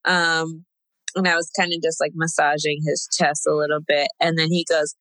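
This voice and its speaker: A woman's voice: low voice, level tone, normal speed, a bit bright, no echo, rough recording. A young woman chatting casually as a guest, telling a personal story with lots of fillers and laughs. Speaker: guest sharing a birth story.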